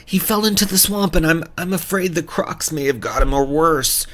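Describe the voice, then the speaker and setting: A man's voice: a little high, moderate pace, a bit bright, voice pushed up, natural voice. A man putting on a frantic, stammering fisherman. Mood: distraught pleading. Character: distraught soggy fisherman father, pleading.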